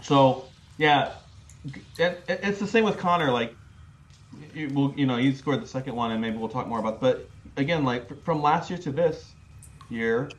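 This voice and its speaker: A man's voice: mid-range voice, normal speed. Chatty man co-hosting a sports chat. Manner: chatty, hedging, many fillers and repeats. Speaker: podcast co-host.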